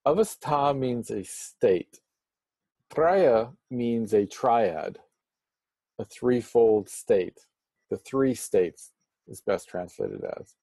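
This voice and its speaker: A man giving a spiritual lecture, explaining Sanskrit terms slowly and deliberately, with touches of playful humor. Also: mid-range voice, creaky, warm tone, breathy edge, dry recording. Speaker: Vedanta teacher.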